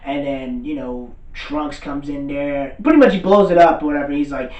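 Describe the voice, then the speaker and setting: A man rattles through an anime recap, excitable and rambling, cursing freely and waving details off with "blah, blah". His voice sits back from the mic in a roomy space. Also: a little high, moderate pace, recorded from a distance. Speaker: anime commentator. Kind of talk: casual recap rant.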